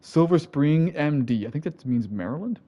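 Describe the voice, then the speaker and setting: A man's voice: on the high side, animated, moderate pace, mellow, lo-fi sound. An American man giving rambling, profane let's-play commentary, correcting himself as he goes. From United States. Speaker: gameplay commentator.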